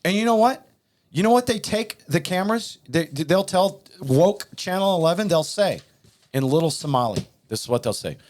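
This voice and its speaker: A man's voice: high-pitched, lively intonation, normal speed, a little hiss or hum. A man hosting a talk show, preaching in a heated, emphatic and repetitive way. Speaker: podcast host.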